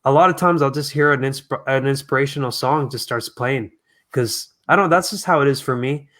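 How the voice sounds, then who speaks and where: A man speaking as a guest in a casual interview, talking in an earnest, reflective, soft-spoken way. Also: medium pitch, moderate pace. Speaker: guest singer.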